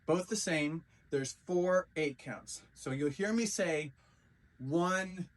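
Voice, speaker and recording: A man's voice: a little high, slow pace. Upbeat man teaching a dance routine. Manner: counts and sings out beats while demonstrating moves. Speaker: dance instructor. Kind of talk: step-by-step dance tutorial. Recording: voice from a distance from the mic.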